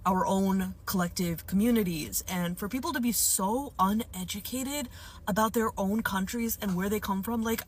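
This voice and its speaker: A woman's voice: medium pitch, moderate pace, slight background noise. A woman from Hyderabad speaking in a casual vlog, frustrated and lecturing her viewers. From Hyderabad, South India.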